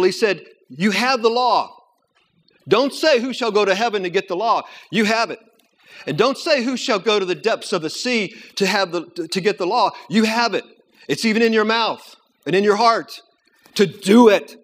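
Male preacher, slightly higher voice, dynamic sermon delivery from soft to fervent. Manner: builds from hushed storytelling to loud, rising preaching.

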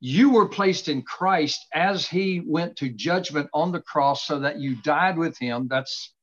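A middle-aged man hosting a casual faith conversation, earnestly expounding scripture with slow, emphatic stresses from his home study. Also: on the high side, fairly bright tone. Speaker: host. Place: home study with books behind him. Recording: dull lo-fi sound.

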